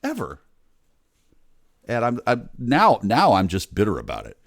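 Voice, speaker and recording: A deep-voiced man in his late forties vents in a bitter, sardonic, swear-filled ramble. His pitch jumps around as he swings from low mutters to loud outbursts. The sound is dry and close. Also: huge pitch swings, unhurried, creaky, dry recording. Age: 40s. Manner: mumbles low, then bursts loud. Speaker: vlogger. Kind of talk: rambling profane monologue.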